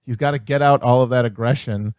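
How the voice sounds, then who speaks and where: A man co-hosting a podcast, riffing in a sardonic, quick way. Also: medium pitch, steady tone, darkish tone, clear, resonant tone, no room sound, clean studio sound. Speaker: podcast co-host. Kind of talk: casual comedic chat.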